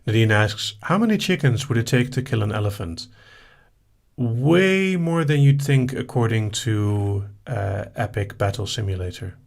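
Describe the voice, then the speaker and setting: A man hosting a live session, reading listener questions aloud and answering them in a relaxed, casual way. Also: fairly low pitch, unhurried, vocal fry. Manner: relaxed, reads out questions then answers briefly.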